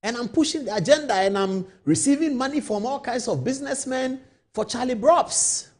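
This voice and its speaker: A man's voice: very high-pitched, normal speed. A man hosting a live late-night TV talk show, telling a long hypothetical story and firing rhetorical questions at his viewers.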